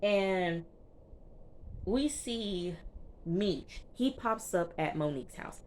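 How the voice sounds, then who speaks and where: A woman reviewer recapping a TV episode in a casual, slangy, chatty way, tossing in quick asides as she goes. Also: lowish voice, lively intonation, a little hiss or hum. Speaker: TV show reviewer.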